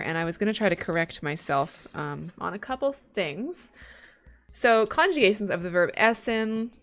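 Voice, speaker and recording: A woman talks slowly and casually through her study notes during a live stream. She thinks aloud and mutters the odd curse when something won't stick. Soft music plays faintly behind her. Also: mid-range voice. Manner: chatty, thinks aloud, swears when frustrated. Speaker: live streamer learning German.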